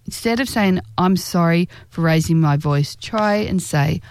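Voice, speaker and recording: A woman giving relationship advice in a direct, earnest way, slowing down to stress key phrases. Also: on the low side, a little mellow, dry recording. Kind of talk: direct-to-camera advice talk.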